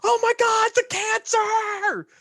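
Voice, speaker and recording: A man voicing a theatrical fake nurse, shrieking in an exaggerated, shrill voice. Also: little pitch movement, takes it slowly, gravelly, sharp tone, no room sound, clean studio sound, exaggerated voice.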